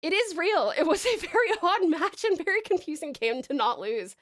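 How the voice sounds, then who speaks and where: A woman's voice: very high voice, moderate pace. A woman from Tasmania, chatting casually and a bit ramblingly with her live-stream viewers, with plenty of ums. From Tasmania, Australia. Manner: relaxed, rambling, many "um"s, giggly.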